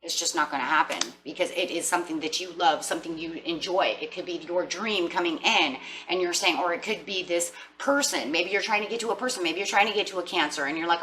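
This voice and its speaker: A woman with a bright, slightly low voice gives a casual tarot reading to her viewers. She talks in a chatty, animated way and keeps dropping into quoted inner voices. A faint hum runs underneath. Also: quick pace, few pauses, poor audio. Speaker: tarot reader.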